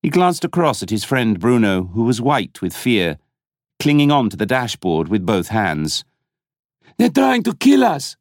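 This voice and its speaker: A man reading a novel aloud as an audiobook narrator, in a dramatic, expressive style. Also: lowish voice, normal speed, dry recording, clean studio sound. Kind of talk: scripted narration.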